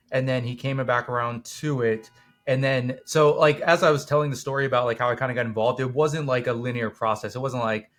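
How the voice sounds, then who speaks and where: A man's voice: mid-range voice, fairly bright tone. Rambling young man with lots of fillers. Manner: rambling, many fillers and restarts. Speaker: documentary co-producer, guest. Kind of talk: casual interview chat.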